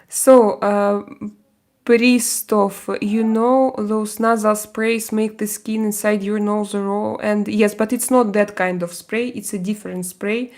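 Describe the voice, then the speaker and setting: A woman with a Russian accent, hosting a casual live stream and answering viewer comments. She talks haltingly, with many fillers and frequent laughs. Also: mid-range voice, fairly even intonation.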